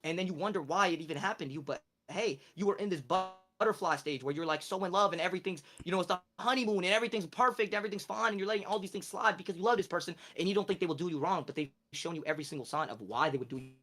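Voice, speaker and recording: Brief: male streamer, rapid-fire, preachy, emphatic swings between soft and loud. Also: high-pitched. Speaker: live streamer. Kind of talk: casual stream chat, giving life advice.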